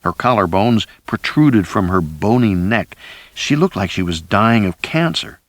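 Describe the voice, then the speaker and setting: A man reading a first-person thriller audiobook in a measured, dramatic way. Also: on the low side, expressive, no echo. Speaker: audiobook narrator.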